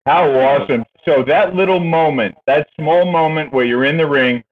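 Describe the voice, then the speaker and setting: A man's voice: a little high, normal speed. A man hosting a casual interview, enthusiastic and praising his guest. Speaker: podcast host. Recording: tinny phone-like line.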